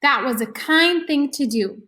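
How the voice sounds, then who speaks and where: A woman's voice: high voice, lively intonation, unhurried. Woman doing a kind storybook mom. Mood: gentle. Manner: kind, gently corrective. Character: warm caring mother, gently scolding.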